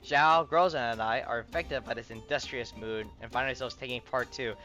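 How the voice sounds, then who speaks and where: A man's voice: medium pitch, steady tone, moderate pace, pushed and bright, faint music behind. A man casually reading a game's story text aloud, often stumbling over words and starting lines again.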